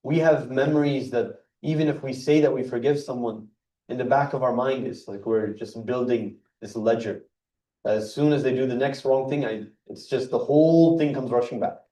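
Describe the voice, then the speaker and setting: A man's voice: medium pitch, fairly even intonation, moderate pace, warm tone. A man giving an earnest religious talk at a mosque gathering, explaining word by word and stressing each point. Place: mosque hall. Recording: echoey hall, mic heard from a distance.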